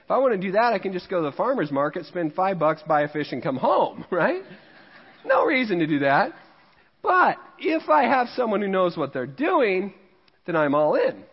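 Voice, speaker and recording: A fairly high-voiced pastor from Missouri, preaching in a casual, joking way and poking fun at himself. His voice rings with a long reverb through the church, and the recording sounds muffled and dull. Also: very animated, moderate pace, breathy edge. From Missouri, USA. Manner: jokey, conversational, laughs at himself. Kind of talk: sermon with humorous storytelling. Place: church sanctuary.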